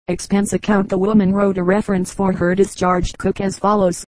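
A woman's voice: medium pitch, moderate pace, few pauses, no echo, poor audio. A woman narrating an audiobook of short humorous anecdotes, reading evenly and lightly voicing the quoted lines. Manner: even storytelling read, voicing quoted lines.

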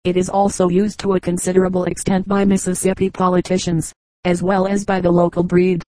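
A woman reading a travel memoir aloud in a steady, measured audiobook style. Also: on the low side, no echo, poor audio. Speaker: audiobook narrator.

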